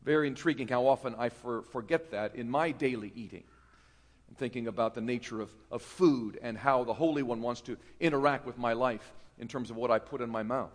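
A middle-aged pastor from North Carolina preaching a sermon, folksy and self-mocking, building to fervent emphasis. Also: male voice, mid-range voice, brisk, in a large hall. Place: church sanctuary.

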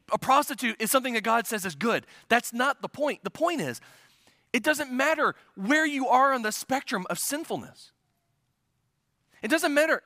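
A male pastor preaching with a high, bright, forceful voice. He talks earnestly and with emphasis, stumbling and restarting as he drives a point home. The sound is close and dry. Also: no room sound. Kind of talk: sermon.

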